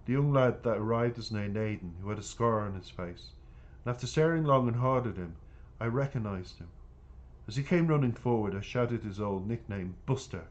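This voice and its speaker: A man reads his own novel aloud in the first person. His voice sits low, and the reading is unhurried and plain, with now and then a small stumble over a word. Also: a little mellow, muffled recording. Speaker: author reading his book. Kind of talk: first-person audiobook narration.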